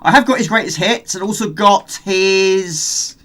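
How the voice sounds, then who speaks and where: A man's voice: high-pitched, a little slow, sharp tone. A middle-aged man chatting casually with his live-stream viewers while he plays, greeting them and reading out their comments. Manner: chatty, reads out viewer chat while gaming. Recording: music playing behind the voice.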